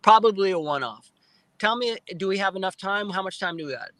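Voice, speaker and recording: A male guest on a live interview recounting a personal experience in animated storytelling, restarting and repeating words often and acting out his own remembered speech. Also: high voice, a little fast, no echo, poor audio. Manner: excited retelling with frequent restarts and repeated words; acts out his own past speech in quotes. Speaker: guest, film producer.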